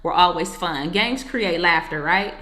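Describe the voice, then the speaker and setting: A woman with a low voice that still has a bright, forceful edge shares her story as an interview guest. She talks in an earnest, reflective way and drops casual asides to the host. The room is noticeably echoey. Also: unhurried. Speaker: marriage coach and author, podcast guest.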